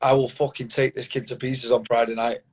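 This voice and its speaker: Mancunian man, thirties, blunt, confident, sweary, mid-pitched, on a call. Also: flat delivery, a little fast, darkish tone, slightly rough. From Manchester, England. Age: 30s. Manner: blunt, sweary, confident, keeps saying mate. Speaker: fighter interviewee. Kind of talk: casual interview. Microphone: phone or video call.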